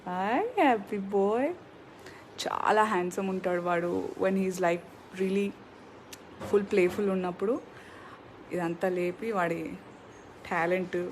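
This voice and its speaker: A woman's voice: mid-range voice, darkish tone, a little hiss or hum, rough recording. A woman vlogging with her pet birds, cooing in sing-song baby talk and mixing English with Telugu.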